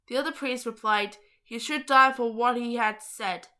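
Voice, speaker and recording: A woman's voice: a little high, moderate pace, bright, forceful tone. A young woman reading a Bible story aloud, stumbling over hard names and adding chatty asides.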